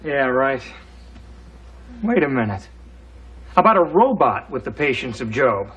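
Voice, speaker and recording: A teasing middle-aged sitcom dad who invents robots. His pitch swings widely as he jokes and flirts. He sits in an ordinary middle register. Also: measured pace, husky, muffled recording, exaggerated voice. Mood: cheerful. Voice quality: lively, teasing delivery. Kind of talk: 1980s studio sitcom acting.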